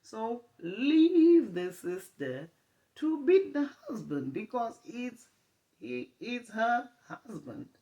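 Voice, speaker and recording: Lady playing a no-nonsense pastor, firm and lecturing, gravelly and unhurried. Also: low-pitched, mellow, muffled recording. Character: stern, no-nonsense church pastor.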